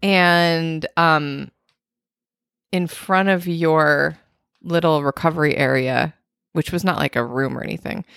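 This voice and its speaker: Woman, podcast co-host, casual chat, playful, laughs a lot, lowish voice, dry close sound. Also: fairly even intonation, vocal fry, fairly bright tone, clean tone, no echo. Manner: laughs often, playful, quick affirmations.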